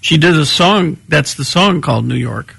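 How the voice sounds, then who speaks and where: A man's voice: fairly high pitch, expressive, normal speed, gravelly, sharp tone, slightly rough, dry recording. A man co-hosting a radio show, telling stories in casual banter. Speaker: radio co-host.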